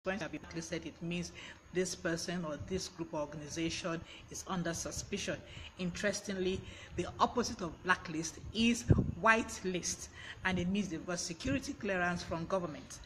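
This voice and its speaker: A man's voice: high voice, normal speed, background noise. A man giving a chatty live-streamed vocabulary lesson, greeting viewers by name and laughing often. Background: fan blowing.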